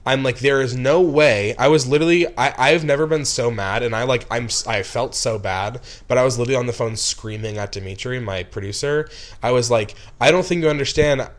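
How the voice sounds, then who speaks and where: Young man, film director, rambling storyteller, filler-heavy, flares up, mid-pitched voice. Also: brisk. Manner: rambling, heavy with "like" and restarts, flares into angry outbursts. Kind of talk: casual storytelling.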